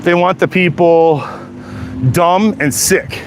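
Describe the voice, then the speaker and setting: A man's voice: high voice, steady tone, takes it slowly, background noise. Heated, cursing Canadian man. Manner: profane, heated, repetitive. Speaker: vlogger. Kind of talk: angry political rant.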